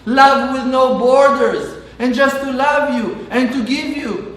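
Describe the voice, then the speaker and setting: Rabbi guy preaching, high voice, long rhythmic lists, far from the mic in a big echoey hall. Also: fairly even intonation, slow pace, a bit bright. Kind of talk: sermon.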